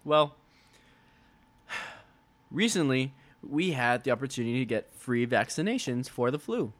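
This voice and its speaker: College-age podcast co-host, mid-pitched, easygoing and jokey. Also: male voice, expressive, unhurried. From Mexican heritage. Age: young adult. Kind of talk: casual chat.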